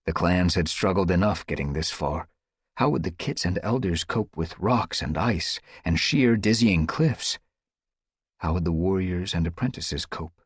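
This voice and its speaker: A man narrating an audiobook in a measured, dramatic storytelling manner. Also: sits low, breathy edge, dry recording. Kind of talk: scripted narration.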